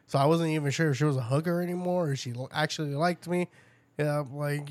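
A man's voice: a little high, fast talker, no echo. A man in casual chat, telling crude stories with lots of laughter and acted-out quotes. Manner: crude, laughing storyteller who acts out quotes.

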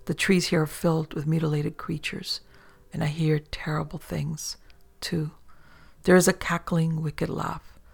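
Man, horror story narrator, very gravelly voice, flat, hushed. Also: fairly high pitch, a little slow.

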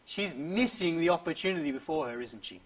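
A man preaching an earnest expository sermon, often dropping softly at the ends of phrases. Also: on the high side, lively intonation, a little fast, distant mic, poor audio.

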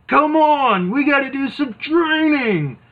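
A man putting on an impression of a loud, pushy musclebound wrestler coaching his friend, booming and calling everyone brother. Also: animated, slow, heavily acted. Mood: exasperated. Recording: tinny phone-like sound.

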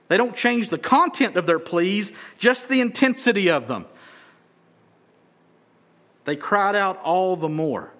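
A man preaching a sermon, acting out crowd voices and swinging from shouts down to whispers. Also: a little high, big pitch swings, unhurried. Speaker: pastor.

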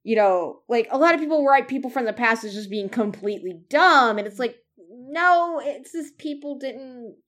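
A woman's voice: on the high side, animated, normal speed, few pauses. A woman co-hosting a casual podcast chat, rambling with restarts and frequent laughs. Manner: rambling, laughs often, many restarts and fillers. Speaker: podcast co-host.

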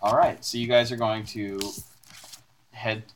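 A man's voice: mid-range voice, little pitch movement, a little slow. A man narrating as game master of a tabletop game, playful and laughing as he describes scenes.

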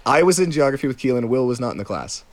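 A young man co-hosting a podcast in casual chat who teases and jumps in quickly. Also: mid-range voice, sing-song. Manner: teasing, quick to jump in. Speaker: podcast co-host.

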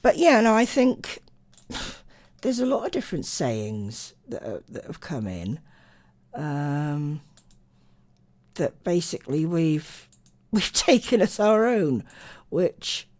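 A woman's voice: low-pitched, very animated, slow pace, long pauses, a little mellow, no room sound. A tired woman hosting late-night radio, chatting and rambling with lots of ums. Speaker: radio host.

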